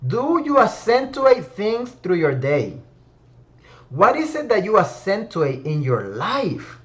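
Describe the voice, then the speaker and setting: A man's voice: high voice, lo-fi sound. A man hosting a motivational discussion room, reflective and emphatic, speaking to listeners by name. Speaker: host of a word-of-the-week discussion room. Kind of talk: motivational talk.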